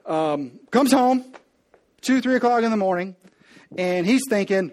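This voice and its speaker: A preacher man with a high voice tells the story with playful humor. He slips into the characters as he goes and speaks right to the congregation. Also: animated, moderate pace, a little mellow. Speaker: pastor. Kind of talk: comedic sermon storytelling.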